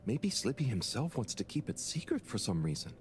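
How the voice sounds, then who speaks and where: An actor playing a gentle, awkward young man in a video game, hesitant and polite, with frequent sneezes. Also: medium pitch, big pitch swings, fairly quick, slight background noise, lightly acted. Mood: mild.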